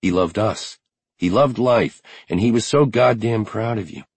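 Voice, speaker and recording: A man's voice: on the low side, unhurried, creaky, darkish tone, breathy edge, dry recording, pitched above the performer's own voice, heavily acted. A man voicing a grieving widowed woman in an audiobook, tired but strong, speaking bluntly and earnestly. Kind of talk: audiobook character reading.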